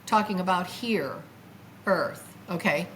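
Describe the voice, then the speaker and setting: An older woman, a guest, tells her own story with feeling and acts out her past words in a lively voice. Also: fairly low pitch, slow, slight background noise, poor audio. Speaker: guest recounting a near-death experience. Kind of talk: emotional first-person storytelling.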